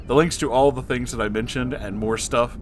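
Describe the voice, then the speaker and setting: A man's voice: mid-range voice, a little fast, slight background noise. A man hosting a comic fan fiction reading, swearing and breaking into helpless laughter.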